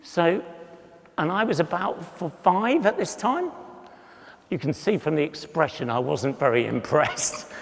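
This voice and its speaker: Man in his sixties, conference speaker, unhurried, wry storyteller, hall reverb. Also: fairly high pitch, lively intonation, creaky. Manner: humorous, self-deprecating, acts out voices in anecdotes. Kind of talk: storytelling talk with slides.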